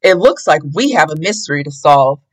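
A woman doing Fred, a steady confident young leader. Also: low-pitched, brisk, voice pushed down.

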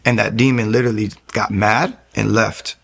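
A young American man tells his personal testimony in a low voice with a gravelly edge. He speaks earnestly and intensely, circling back and restarting his sentences as he talks. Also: steady tone, moderate pace, fairly bright tone. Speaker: guest sharing testimony. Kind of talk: personal testimony, casual storytelling.

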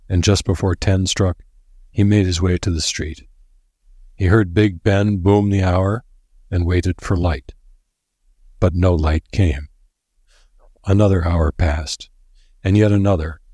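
A man narrating a novel in a measured, dramatic storytelling manner. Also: deep voice, darkish tone, no room sound, studio quality. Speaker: audiobook narrator.

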